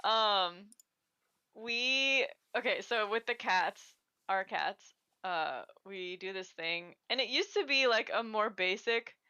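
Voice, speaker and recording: Woman co-host, casual rambling chat, crisp voice on dull lo-fi sound. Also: mid-range voice, animated, slow, sharp tone. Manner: chatty, rambling, laughs often.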